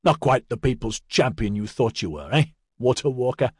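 A man's voice: on the low side, animated, normal speed, darkish tone, slightly rough, dry recording, clean studio sound. A man reading an audiobook, voicing a jaded, gloating man who is under arrest, with a smug and mocking manner.

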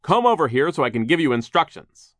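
A man voicing a menacing, bossy male lumber mill foreman with a terrible, muffled voice, barking orders loud and high. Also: big pitch swings, brisk, dry recording, studio quality. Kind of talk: audiobook character voice.

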